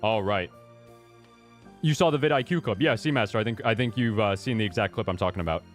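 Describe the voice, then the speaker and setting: A man's voice: on the low side, a little fast, faint music behind. A man streaming a game, chatting casually with a joking, self-deprecating manner. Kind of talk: casual gaming stream commentary.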